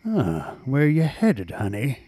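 A wisecracking cop partner mutters sardonic jabs during a stakeout, as a man plays him. His voice is hushed and lively, recorded dry and close. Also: takes it slowly, no room sound, exaggerated voice. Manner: low, sardonic quips.

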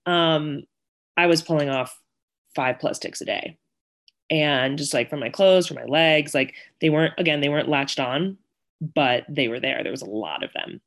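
A woman's voice: sits low, normal speed. Chatty young woman telling a story. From Connecticut and Virginia, US. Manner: chatty, many fillers, acts out quoted voices. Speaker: guest. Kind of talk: casual storytelling interview.

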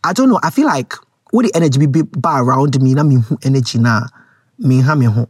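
A woman's voice: rumbling low, expressive, quick pace, darkish tone, husky, no echo, clean studio sound. A woman with a Ghanaian accent gives frank, rambling casual commentary to her viewers, slipping Twi words into her English.

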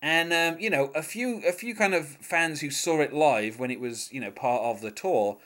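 A man's voice: on the high side, normal speed, a bit bright. A man co-hosting a casual music podcast, talking in a hesitant, chatty way with many fillers and short laughs. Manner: chatty, hesitant, reads lyrics aloud with laughs. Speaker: podcast co-host.

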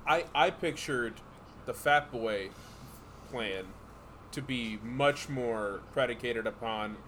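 A man's voice: medium pitch, slow pace, sharp tone, slight background noise. A man co-hosting a podcast in casual comedic chat, rambling and joking. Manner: rambling, joking, breaks into laughter. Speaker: podcast co-host.

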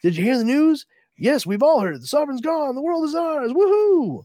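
A man voicing a jubilant townsman in a pub, raising his voice high and loud in exuberant cheering. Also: lively intonation, moderate pace, dry recording, studio quality.

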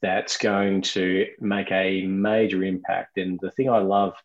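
A man hosting a podcast interview, speaking in a measured way as he praises his guest. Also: sits low, little pitch movement, highs cut off. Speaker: podcast host. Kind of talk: interview chat.

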